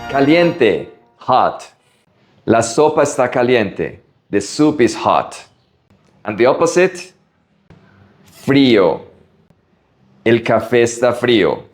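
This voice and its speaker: Guy from latin america teaching spanish words, slow careful drills, voice goes up and down a lot. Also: medium pitch, big pitch swings, faint music behind. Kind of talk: vocabulary lesson.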